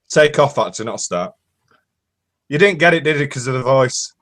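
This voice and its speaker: A man's voice: mid-range voice, expressive, fairly quick, fairly bright tone. A British man co-hosting a casual live-stream chat, telling jokes and bantering. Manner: joking banter, tells jokes. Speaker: co-host.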